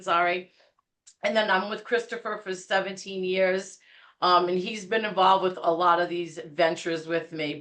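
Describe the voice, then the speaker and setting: A woman in her fifties with a New England accent, a guest telling stories on a podcast in a lively, laughing way. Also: lowish voice. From Rhode Island, USA. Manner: animated, laughing storyteller. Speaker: guest realtor. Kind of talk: casual podcast storytelling.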